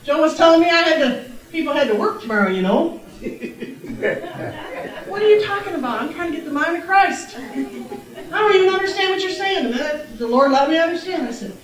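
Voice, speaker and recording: A middle-aged woman preaching a testimony sermon in a church, exuberant and laughing, breaking into shouts of praise. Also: very high-pitched, expressive, brisk, pauses often. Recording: very echoey church, distant mic.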